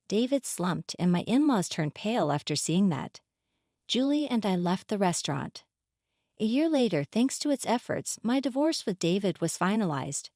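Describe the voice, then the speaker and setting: Female storyteller, calm and even, lively pitch, dry close recording. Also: dry recording. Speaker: narrator. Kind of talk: scripted first-person story narration.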